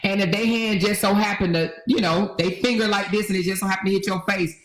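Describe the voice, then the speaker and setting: A woman hosting casual commentary, talking in an animated, slangy way and laughing often. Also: mid-range voice, fast talker, faint music behind, rough recording. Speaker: host.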